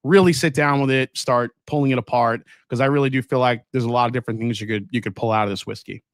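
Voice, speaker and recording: A man's voice: medium pitch, quick pace, no room sound, clean studio sound. Enthusiastic man hosting a whiskey livestream. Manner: relaxed, enthusiastic, laughs often. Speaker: whiskey channel host. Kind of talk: casual livestream chat, reading super chats.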